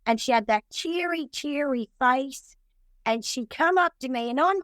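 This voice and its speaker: A woman's voice: sits high, expressive, a bit bright, dry recording. Earnest woman telling her recovery story. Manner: rambling, earnest, halting restarts. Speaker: speaker sharing recovery story. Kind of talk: personal testimony at a recovery meeting.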